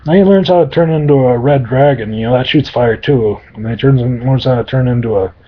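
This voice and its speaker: A man spinning an improvised adventure tale, rambling and crude, with his words padded by endless fillers. His voice sits at an ordinary middle pitch. The recording sounds dull and lo-fi. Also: fairly quick. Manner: rambling, crude, full of "you know". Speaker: storyteller.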